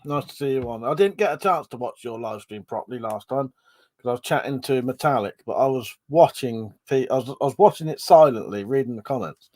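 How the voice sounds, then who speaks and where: Man, casual stream host, chatty and rambling, swears, short of breath, mid-pitched. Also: expressive, fairly quick, a little mellow, a little hiss or hum. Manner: chatty, swearing, reads chat aloud and rambles. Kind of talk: casual chat.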